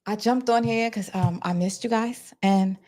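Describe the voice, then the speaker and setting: A woman's voice: mid-range voice, moderate pace, a little mellow. A woman from New York with a New York accent, chatting casually on a livestream to her viewers from her office. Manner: chatty, talks to her chat, restarts and fillers. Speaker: livestream host.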